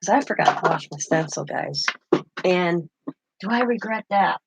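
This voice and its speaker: Chatty grandmother with a gravelly voice. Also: on the low side, lively intonation, normal speed, background noise. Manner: chatty, laughs often, greets viewers. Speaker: craft vlogger. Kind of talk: casual chat while crafting. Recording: dull lo-fi livestream audio.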